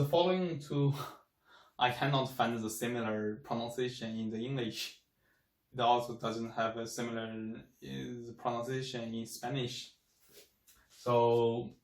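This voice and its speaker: A man whose first language is Chinese, teaching a language lesson slowly and repeating each sound many times. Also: medium pitch. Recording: echoey room, mic at a distance.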